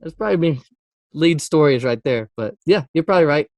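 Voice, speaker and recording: Animated and speaking a little fast, a Christian music artist with a slightly mellow voice tells a story in a casual interview. He acts out quotes with sudden pitch jumps and laughs often, and there's no echo.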